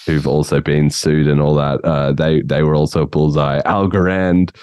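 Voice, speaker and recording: Very deep-voiced man hosting a podcast. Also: flat delivery, moderate pace, darkish tone, clean tone, dry recording. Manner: rambling, laughing often. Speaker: podcast host. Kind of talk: casual podcast chat.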